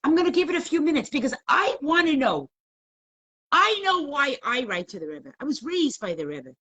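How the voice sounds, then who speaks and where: Lively, husky-voiced woman teaching a class. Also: on the high side. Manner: emotional, questioning the audience, storytelling. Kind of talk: live online class talk.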